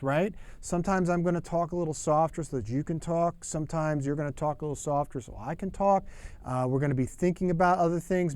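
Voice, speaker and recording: Guy teaching jazz drums, kinda high-ish voice, chatty, asks "right?" a lot. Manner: conversational, explains with rhetorical questions. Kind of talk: spoken drum lesson.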